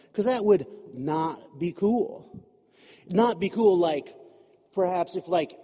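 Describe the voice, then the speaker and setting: A pastor with a high, mellow, slightly breathy voice delivers a relaxed, joking, conversational sermon. He's chatty and funny, peppering his talk with asides and lots of "you know," and his voice carries a long echo like that of a church hall.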